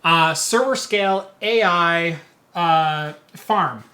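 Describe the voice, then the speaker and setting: A male host chatting on a casual live stream, his voice bright and a little high. He rambles, restarts his sentences and keeps coaxing the viewers to chip in. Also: slow pace. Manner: chatty, stumbling over words, asks viewers for donations.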